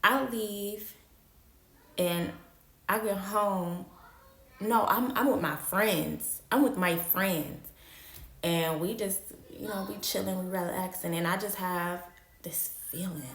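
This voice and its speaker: Gravelly slow-talking woman telling a story. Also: medium pitch, a bit bright, roomy sound. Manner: repeats phrases for emphasis, slangy and candid. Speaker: storytime vlogger. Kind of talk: casual storytelling.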